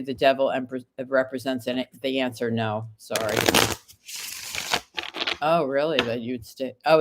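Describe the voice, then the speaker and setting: A woman's voice: rumbling low, very noisy. A woman reading tarot cards on a live stream, reading viewers' questions aloud and answering them card by card while recovering from an illness. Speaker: tarot reader.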